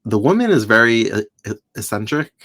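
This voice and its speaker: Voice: mid-range voice, very animated, moderate pace, fairly bright tone, breathy edge. A podcast co-host in a casual recap chat, retelling scenes with quoted voices and frequent laughs.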